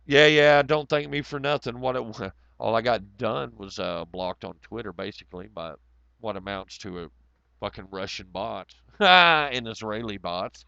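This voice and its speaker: A man hosting a casual livestream. His voice is hoarse and nearly gone, and he rambles in a sardonic, profane way. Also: lowish voice, a little slow, pushed and bright, no room sound, highs cut off. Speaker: livestream host.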